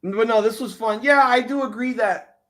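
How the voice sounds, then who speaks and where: A man hosting a casual wrestling reaction chat, excitable and profane, often restarting his sentences. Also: very high voice, normal speed. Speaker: podcast host.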